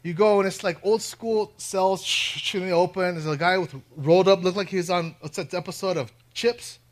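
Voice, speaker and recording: Brief Male preacher, slightly higher voice, conversational sermon to a live crowd, quips, soft-to-loud swings. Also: moderate pace. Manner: conversational, joking asides to the crowd; swings between hushed and loud. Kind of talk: sermon with personal storytelling. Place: before a live audience.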